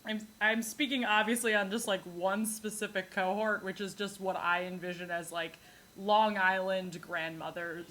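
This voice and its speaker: A woman from New York hosting a podcast, telling comic stories in a rambling, animated way and laughing often. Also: medium pitch, moderate pace, hardly any pauses. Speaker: podcast host. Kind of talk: comedic solo monologue.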